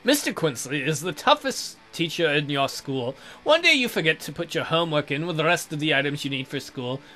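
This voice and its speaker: Young guy reading out a game with snarky swearing commentary, kinda high voice that jumps all over. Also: lively intonation, brisk, soft background music. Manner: sarcastic and profane, with sudden loud outbursts. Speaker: let's play host. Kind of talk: reading game text aloud with joking commentary.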